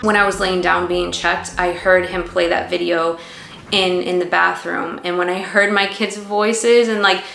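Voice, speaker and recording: Woman in her thirties, earnest storyteller, lowish voice, echoey room, faint music. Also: little pitch movement, a little slow, vocal fry, a bit bright, slight background noise. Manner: earnest, emotional, many "like" fillers. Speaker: vlogger mother telling her birth story. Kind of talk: personal storytelling to camera.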